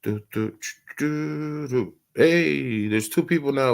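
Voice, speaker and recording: A man's voice: mid-range voice, lively intonation, unhurried, gravelly, few pauses. A man hosting an early-morning live stream, chatting casually, rambling and stammering through many restarts and laughing often.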